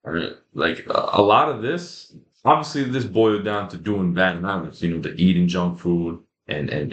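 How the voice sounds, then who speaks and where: A young man with a fairly low voice gives an earnest, casual motivational talk about fitness. He leans on repetition and slangy asides. The room is echoey and bare-sounding. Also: fairly bright tone. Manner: casual, repetitive, emphatic, addresses viewers as guys and bro. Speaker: fitness creator.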